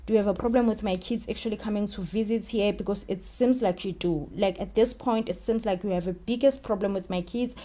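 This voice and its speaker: A woman, retelling a TV drama, puts on a domineering, big-egoed father with a South African accent. He taunts in repeated, scornful questions, his voice dropping quieter and colder than the storyteller's own. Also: mid-range voice, a little fast, few pauses, close to an everyday voice. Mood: accusing. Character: arrogant aggressive man, a domineering father.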